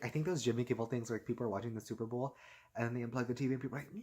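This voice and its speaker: A man's voice: medium pitch, fairly even intonation, rapid-fire, darkish tone. A man casually recapping a TV episode, rambling with lots of fillers and frequent laughs. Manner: rambling, heavy filler "like" and "and stuff like this"; laughs often while talking.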